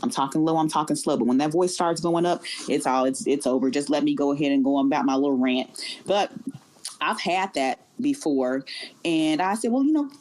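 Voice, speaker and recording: A woman guest from Chicago who works in aviation, talking earnestly and fast in a casual interview, often repeating words. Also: sits low, a little mellow. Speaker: guest, airline professional.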